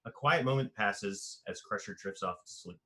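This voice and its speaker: A man reads the stage directions of a screenplay aloud for an audio drama. His tone is bright and forward. He keeps an even, descriptive pace. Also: fairly low pitch, moderate pace. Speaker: narrator.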